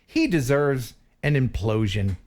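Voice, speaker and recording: An American man hosting a casual live stream, playful and quick to laugh as he reads viewer messages. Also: medium pitch, animated, a little mellow, a little hiss or hum.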